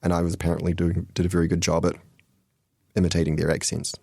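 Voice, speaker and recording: A man's voice: low voice, completely flat delivery, quick pace, vocal fry, mellow, husky, dry recording. A man co-hosting a community radio show in a studio, chatting casually with a rambling, hesitant delivery. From New Zealand. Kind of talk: casual chat.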